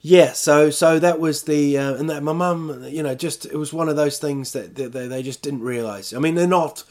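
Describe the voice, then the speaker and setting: A man's voice: fairly high pitch, moderate pace, darkish tone. A man talking at home in a casual, rambling monologue, chatty and self-deprecating, drifting from one story to the next. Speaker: vlogger.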